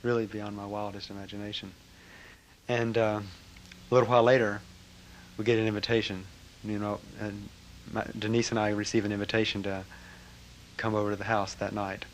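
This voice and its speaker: A man telling a personal story to an audience, animated, with frequent laughter and trailing fillers. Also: on the low side, fairly quick, slight background noise. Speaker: speaker recounting a memory. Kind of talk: personal anecdote to a live audience.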